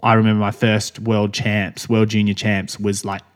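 A man's voice: fairly low pitch, little pitch movement, normal speed. A young man from Australia co-hosting a podcast in casual chat, rambling with frequent restarts and laughs. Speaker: podcast co-host.

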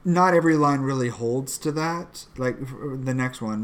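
A man hosting a casual podcast, critiquing a poem in an analytical, halting way and chanting out its meter in beats. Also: medium pitch, a bit bright.

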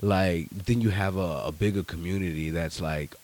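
Profane, animated storytelling man, dry sound. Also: low voice, moderate pace, no echo. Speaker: podcast host. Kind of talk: casual podcast chat.

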